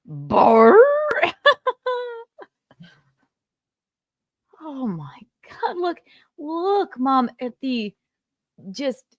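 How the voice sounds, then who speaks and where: A woman's voice: sits high, very animated, drawn-out words, no echo. A woman co-hosting a casual comedy podcast, playful and laughing often as she mocks people in exaggerated voices. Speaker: podcast co-host.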